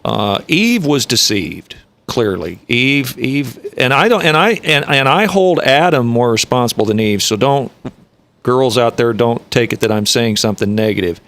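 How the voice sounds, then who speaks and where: A man hosting a live webcast, retelling scripture in an emphatic, preachy way that builds to forceful peaks. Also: medium pitch, expressive, normal speed. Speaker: webcast show host. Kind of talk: preachy storytelling chat.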